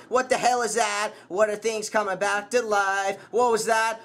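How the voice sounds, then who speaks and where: A man's voice: sits high, fairly even intonation, moderate pace, few pauses, fairly bright tone. A man commentating a horror game, swearing and yelping at scares. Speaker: gameplay commentator.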